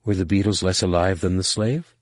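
A man reading a calm, enigmatic female alien mentor in an audiobook, speaking slowly and in measured questions. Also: sits low, no room sound, clean studio sound, natural voice. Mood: calm riddling.

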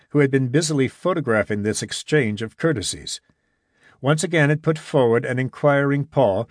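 A man narrating a story in a measured, even reading voice. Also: mid-range voice, no echo, clean studio sound. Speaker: audiobook narrator. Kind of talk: scripted narration.

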